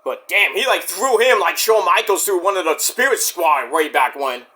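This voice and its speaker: A man whose voice sits high talks at a moderate pace, giving casual commentary on a wrestling show while watching. He swears, gets excited, and performs the wrestlers' promo lines himself.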